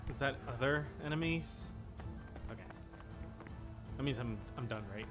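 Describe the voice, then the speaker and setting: A man's voice: medium pitch, moderate pace, over music. A young man giving casual, flustered commentary while playing a game, with frequent exclamations. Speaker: gameplay streamer.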